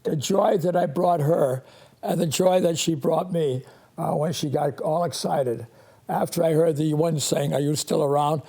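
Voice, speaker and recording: With a fairly high, steady, creaky and warm voice, a priest in his eighties tells stories while hosting a call-in show. He rambles and halts, often restarting and chuckling.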